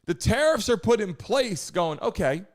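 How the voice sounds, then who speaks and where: A man hosting a live stream, hyping the chat, shouting out viewers and talking loosely with some swearing. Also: high voice, lively intonation, a little fast. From United States.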